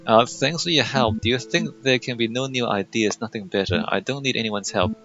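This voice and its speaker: A man's voice: mid-range voice, brisk, few pauses, fairly bright tone. A young man in casual gameplay commentary, sarcastic and mocking as he reads game dialogue aloud. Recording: muffled lo-fi mic over faint game music.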